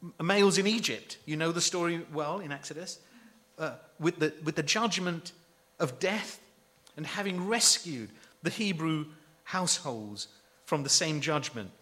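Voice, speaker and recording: A man's voice: a little high, unhurried, pushed and bright. A man preaching a sermon, emphatic and full of rhetorical questions to his listeners.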